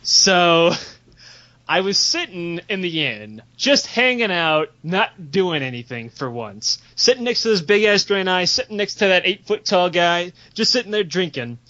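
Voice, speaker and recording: A man with a high, bright voice tells a crude story in a loose, excitable, laughing way. The sound is a bit dull and lo-fi. He talks as a podcast host. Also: a little slow. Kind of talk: casual comedic storytelling.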